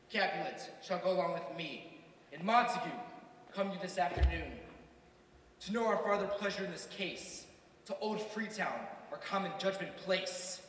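A man's voice: high-pitched, a bit bright, slight background noise. A man playing a stern commanding prince. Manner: declaiming, commanding. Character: stern commanding male prince, angry ruler. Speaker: stage actor. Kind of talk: Shakespearean stage monologue. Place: school stage. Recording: echoey hall from far off.

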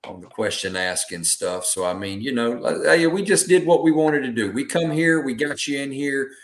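A male host in casual talk, easygoing and rambling, often repeating words as he goes. His voice sits at a middle pitch. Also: expressive, moderate pace.

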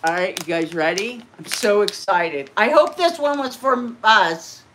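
A woman hosting a casual live stream, chatting to viewers and gushing with excitement as she opens mail. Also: medium pitch, a little slow, background noise. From California. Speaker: channel host.

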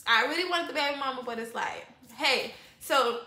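Bright-voiced young woman telling a storytime. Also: high-pitched, normal speed, echoey room. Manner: profane, expressive, acts out quoted voices. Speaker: vlogger. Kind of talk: animated storytime.

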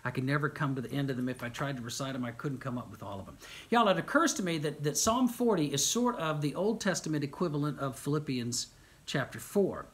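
A middle-aged man preaching a sermon, animated, with rhetorical questions and repeated phrases. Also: a little high, fairly quick. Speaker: pastor.

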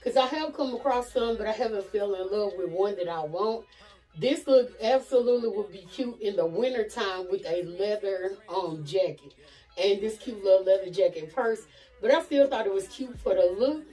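Friendly, chatty Southern woman who calls the viewers "y'all" and "honey"; mid pitch, a little far from the mic. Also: normal speed, dark tone, soft background music. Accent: Southern American. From Nashville, USA. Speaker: fashion vlogger. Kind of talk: casual try-on chat to camera.

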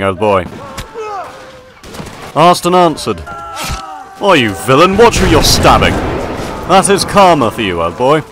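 A man giving in-character gameplay commentary, with mock-pompous officer-style banter. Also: mid-range voice. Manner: mock-pompous upper-class officer banter, laughs at own jokes. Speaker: gaming video creator. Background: faint background music.

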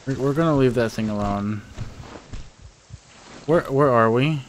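A young man talks through a horror game in slow, hesitant bursts, rambling and jittery as he speaks to his viewers. His voice sits at an ordinary pitch, with faint outdoor ambience in the background. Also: slight background noise. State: panicking. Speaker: gaming YouTuber. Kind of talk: let's play commentary.

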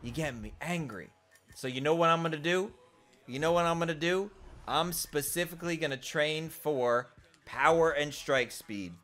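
A young man doing playful gameplay commentary, trash-talking and breaking into loud shouted bursts. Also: on the high side, moderate pace. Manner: playful, jokey. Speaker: gaming YouTuber.

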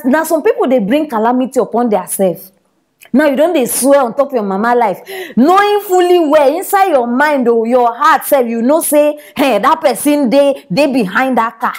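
A woman's voice: high voice, lively intonation, normal speed. A woman with a Nigerian Pidgin accent hosting comedy gossip news, teasing and scolding with frequent laughter. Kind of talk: gossip commentary.

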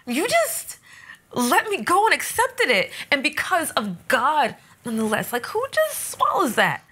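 An actress playing a guilty, defiant ex-fiancée who pleads and accuses by turns. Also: female voice, sits high, huge pitch swings, a little slow, bright, forceful tone, heavily acted. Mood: emotional. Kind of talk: romantic drama acting.

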